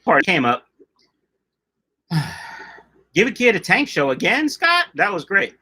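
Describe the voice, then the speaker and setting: His voice sits high and sing-song, sharp in tone with a breathy edge, delivered a little slowly. As the middle-aged host of a fish-keeping channel, he chats casually on livestream, jokes through viewer comments, and drifts off topic.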